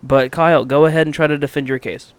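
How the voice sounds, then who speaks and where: A man's voice: a little high, fairly even intonation, quick pace, smooth, no echo. A man hosting a casual podcast, talking in an upbeat, blunt way with frequent laughs. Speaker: podcast host. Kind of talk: casual wrestling review chat.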